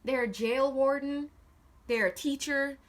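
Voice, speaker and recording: A woman does a casual tarot reading at a table, talking bluntly and swearing freely as her intonation swings widely. Her voice sits high and her pace is measured. A camera films the cards on the table.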